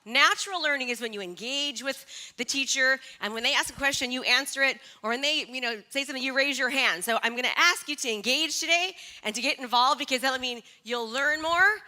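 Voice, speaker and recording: A middle-aged woman giving a live motivational speech on stage, energetic and chatty, asking the audience questions. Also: high-pitched, a little fast. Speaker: motivational speaker.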